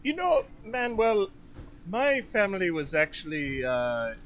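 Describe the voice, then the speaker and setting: A man playing a tabletop game who speaks to another character in a gentle, reassuring way. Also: high voice, sing-song, unhurried, dull audio, a little hiss or hum. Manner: gentle, reassuring, laughs often. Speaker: player.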